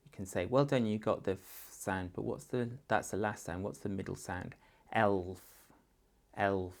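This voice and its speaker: A male teacher speaks in a low register with a gravelly, creaky edge. He talks slowly and patiently, sounding out letters and words one at a time. His manner is that of a primary school teacher guiding parents. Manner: slow, patient, demonstrates sentences and sounds in different voices. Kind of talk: instructional talk to parents.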